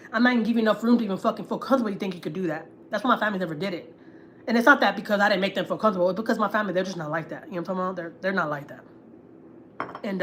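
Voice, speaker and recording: Slight background noise sits under a medium-pitched, fairly bright female voice. She's a Houston, Texas family vlogger venting on a casual livestream, blunt and profane, repeating things for emphasis.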